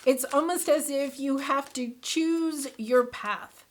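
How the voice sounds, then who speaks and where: A woman giving a casual tarot reading, effusive and excitable, full of fillers and with bursts of laughter. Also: high voice, takes it slowly. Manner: breaks into laughter. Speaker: tarot card reader.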